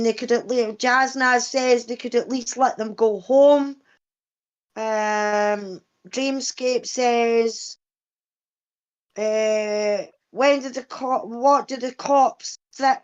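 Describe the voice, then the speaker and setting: A woman co-hosting a livestream, reading chat messages in a slow, hesitant manner and laughing easily. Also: on the high side, fairly even intonation, clear, resonant tone, highs cut off. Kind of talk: casual chat.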